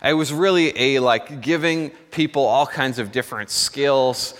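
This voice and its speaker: A man's voice: mid-range voice, measured pace, a bit bright, big-room sound. A man preaching a sermon as pastor, telling stories in a conversational way at a church service. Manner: storytelling, conversational with self-corrections.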